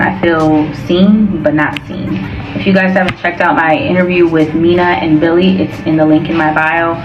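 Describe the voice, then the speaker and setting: An American woman vlogger chatting casually and playfully, and she talks fast. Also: low voice, echoey room, recorded from a distance, muffled recording. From United States. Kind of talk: casual vlog chat.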